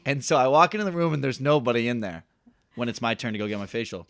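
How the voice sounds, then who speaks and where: A man's voice: a little high, animated, quick pace, fairly bright tone, no echo, studio quality. A young man co-hosting a podcast, telling a self-deprecating story in a rambling way full of "like". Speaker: podcast co-host. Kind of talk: casual storytelling chat.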